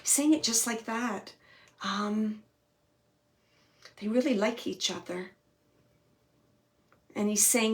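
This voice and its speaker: A woman psychic medium at an ordinary middle pitch, talking to a sitter during a live reading. She gropes for words with plenty of fillers and restarts, and now and then she drops to soft, near-whispered asides. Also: takes it slowly, long pauses. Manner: hesitant, searching, many fillers and restarts. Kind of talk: live mediumship reading, relaying spirit messages.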